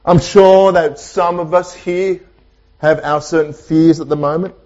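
A male pastor delivering a sermon in a church, preaching emphatically with repetition and dramatic pauses. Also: fairly high pitch, steady tone, a little mellow, highs cut off. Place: church with online Zoom audience.

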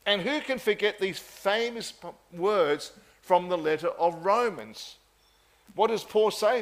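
A man preaching a sermon in an earnest, measured way, often repeating phrases for emphasis. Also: high voice, fairly bright tone.

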